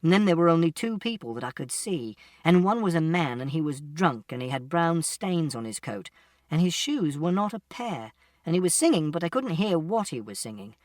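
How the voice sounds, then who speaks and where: Man narrating with a lively, varied pitch. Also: moderate pace, no echo. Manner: plain, literal, step-by-step telling. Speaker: audiobook narrator. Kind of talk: first-person audiobook narration. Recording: distant mic, dry sound.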